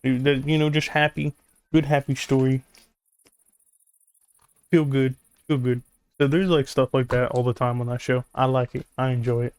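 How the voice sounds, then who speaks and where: A man chats casually over a video game at a middle pitch. He rambles and stumbles through his story and drops in dry, sarcastic jokes. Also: little pitch movement, moderate pace, pauses often, darkish tone, clean tone. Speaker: gaming YouTuber. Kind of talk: casual commentary over gameplay.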